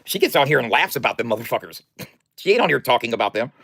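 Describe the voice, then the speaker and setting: Lively joking man on a live stream. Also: medium pitch, fast talker, gravelly, husky, no room sound. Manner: loose, profane, joking banter. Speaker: livestreamer. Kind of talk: casual live stream chat. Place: indoors at home.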